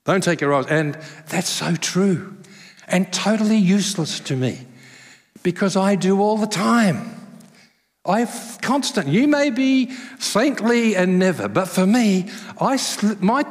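Male pastor, sermon, conversational storyteller with humor, slightly high voice, echoing church hall. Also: a little slow. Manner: conversational, self-deprecating, animated storytelling. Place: church service. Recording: long hall reverb.

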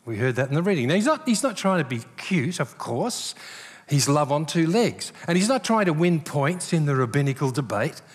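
An older man, a pastor, preaches a sermon in a church hall, an animated storyteller who acts out the voices he quotes. His voice is fairly high with a breathy edge at a moderate pace, and the large hall adds a long reverb.

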